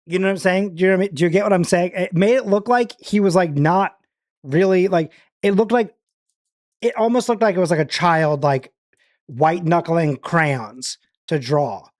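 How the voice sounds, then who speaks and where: A man's voice: high-pitched, normal speed, no echo, studio quality. Rambling, chatty male stream host. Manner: rambling, chatty, lots of fillers and restarts. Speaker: livestream host. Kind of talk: casual livestream chat.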